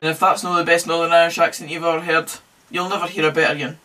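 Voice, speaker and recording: A man's voice: fairly high pitch, flat delivery, fast, distant mic, very noisy. A young man hosting a casual football podcast, chatty and jokey with wry asides. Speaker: podcast host. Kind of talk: casual solo football commentary.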